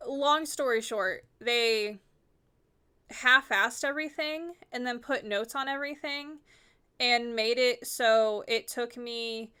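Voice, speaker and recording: Bright, clear-voiced woman streamer rambling. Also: on the high side. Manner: rambling, full of "like" fillers. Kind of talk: casual chat while gaming.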